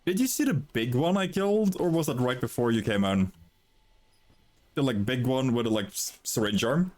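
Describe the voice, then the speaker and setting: Young man, game streamer, casual commentary, swears a lot, lively up-and-down voice. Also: mid-range voice, normal speed. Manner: profane, playful chatter to chat and game characters.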